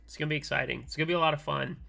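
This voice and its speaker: A man whose voice is giving out talks casually to his livestream audience, hoarse and deeply gravelly. His tone is bright and a little higher than most men's. He rambles loosely, filling gaps with ums and short laughs. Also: racing, a little hiss or hum. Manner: relaxed and thankful, many ums and laughs. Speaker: keyboard-building livestreamer. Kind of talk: casual livestream wrap-up chat.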